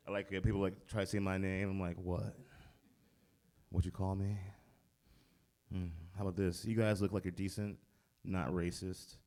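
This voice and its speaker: Low voiced guy doing stand-up on a club stage, chill, pokes at the crowd. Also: normal speed. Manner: laid-back, provoking the crowd. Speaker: stand-up comic. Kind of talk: stand-up comedy.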